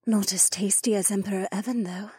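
A man voicing a sly lizard-woman mage in an audiobook, with a soft, purring, teasing delivery. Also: high voice, fairly even intonation, brisk, slightly rough, no room sound, studio quality, pitched above the performer's own voice.

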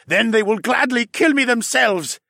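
A man's voice: very high voice, normal speed, vocal fry, pushed and bright, dry recording, voice pushed up, exaggerated voice. A treacherous, reptilian councilman sneers and spits his words in a raised, strained voice, as a narrator puts him on. He bellows with manic fury. The recording is close and dry. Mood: sneering. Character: furious treacherous snake-like male councilman villain. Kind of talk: audiobook narration.

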